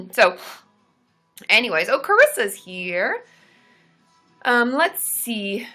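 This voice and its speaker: Woman, live-stream host, bright voice, lively pitch, groggy morning chat, faint music behind. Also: extremely slow. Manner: chatty, greets viewers by name, loud high whooping cheers. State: just woken up, voice still groggy. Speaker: therapist hosting a live stream. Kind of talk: casual live-stream chat reading viewer comments.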